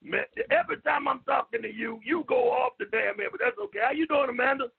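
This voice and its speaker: A man co-hosting a call-in show, teasing the others loudly with brash jokes and stammering restarts. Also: very high voice, quick pace. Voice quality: raspy, gravelly. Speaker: co-host. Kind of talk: loud joking radio banter. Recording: tinny phone line.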